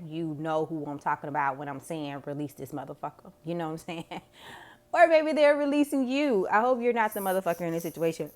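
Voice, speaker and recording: A woman giving a casual tarot reading to camera, chatty, slangy and freely profane. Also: sits low. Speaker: tarot reader.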